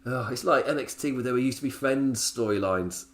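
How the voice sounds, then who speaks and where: A man's voice: mid-range voice, fairly quick, fairly bright tone. A man hosting a solo wrestling review podcast, rambling through his points, often laughing and drifting into tangents.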